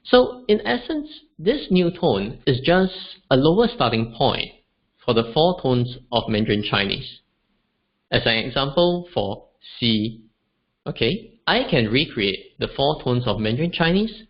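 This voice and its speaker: A man's voice: mid-range voice, big pitch swings, unhurried. A man teaching an online beginners' language webinar, demonstrating tones aloud. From Singapore. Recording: dull lo-fi webinar audio.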